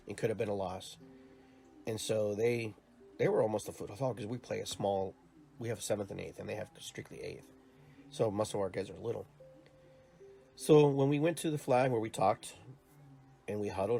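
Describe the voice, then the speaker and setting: A man's voice: fairly low pitch, a little mellow. A man hosting his own show, talking in an earnest, rambling monologue with many repeated words. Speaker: podcast host and youth soccer coach. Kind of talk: casual reflective monologue.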